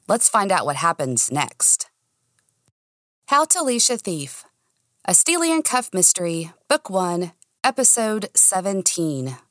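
A woman narrates a mystery serial in a cozy, expressive first-person reading. Her voice sits on the low side and is recorded dry and close. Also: no room sound. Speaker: storyteller. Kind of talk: audiobook narration.

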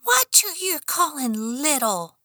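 A woman voicing a small, grumpy, protective male talking dog in an audiobook, with a squeaky, drawling way of throwing out wisecracks. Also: big pitch swings, slow, bright, forceful tone, dry recording, studio quality, exaggerated voice. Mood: sassy. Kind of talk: audiobook character voice.

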